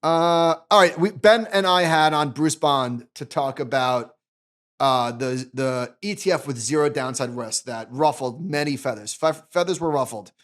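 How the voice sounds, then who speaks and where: A man co-hosting a finance podcast, chatting casually, animated and restarting sentences often. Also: fairly high pitch, moderate pace. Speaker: podcast co-host.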